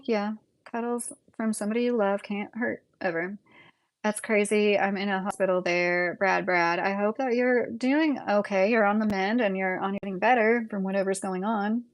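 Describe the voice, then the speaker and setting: A woman with a Midwestern American accent chats through a casual livestream, rambling and answering viewers with plenty of fillers. Her voice carries a gravelly fry at a middling pitch. The sound is dry and close, with no room echo. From United States. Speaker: livestream host.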